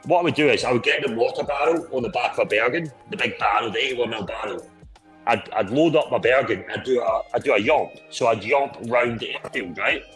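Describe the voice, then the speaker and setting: A man's voice: medium pitch, fairly quick, a bit bright, soft background music, rough recording. A man hosting a casual drinking chat, boisterous and rambling with heavy swearing. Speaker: podcast host.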